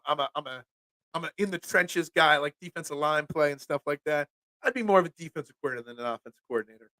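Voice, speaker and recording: A man's voice: fairly high pitch, pushed and bright, dry recording. A man hosting a casual live-stream sports show from a home room full of memorabilia, upbeat and rambling as he reacts to viewer comments.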